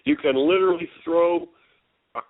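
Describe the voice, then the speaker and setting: Caller, man, lively storyteller who does the voices, somewhat high voice, dry tinny phone line. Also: normal speed, no echo. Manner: animated storyteller, acts out quoted voices, laughs often. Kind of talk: casual phone chat retelling a book.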